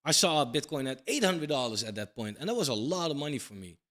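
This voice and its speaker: Very animated and fast-talking, this man in his thirties rants casually about crypto in a talking-head monologue. His mid-range voice has a fairly bright tone, and he's blunt, emphatic, swears casually and keeps tagging on "right?".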